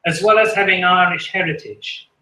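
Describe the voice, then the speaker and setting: An Englishman with an English accent does self-deprecating stand-up at an open mic in a small live venue, chuckling at his own jokes. His voice is high-pitched, bright and forceful at a moderate pace, and the room sounds echoey.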